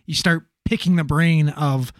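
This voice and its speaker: A man who works in emergency medical services, telling a story in casual chat, animated and profane, with many fillers. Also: on the high side, unhurried, no echo, studio quality.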